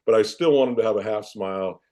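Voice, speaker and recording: A man in his fifties, a podcast guest, recounts old football stories in a mellow, warm voice that sits a little low. He tells them in an animated, self-deprecating way. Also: quick pace. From Iowa, United States. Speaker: interview guest, former football player and coach. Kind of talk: casual storytelling in a podcast interview.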